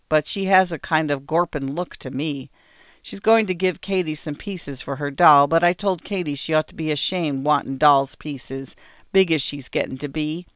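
A woman reading aloud and voicing a careworn farm wife who speaks old rural dialect in a quick, fretful way. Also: sits low, clean tone, no room sound, studio quality, close to an everyday voice.

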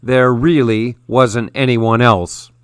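A gloomy older man mutters his words in a slow, grudging way, as a male narrator plays him. He is dour and pessimistic. The sound is dry and close. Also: mid-range voice, fairly even intonation, clean tone, no echo, lightly acted.

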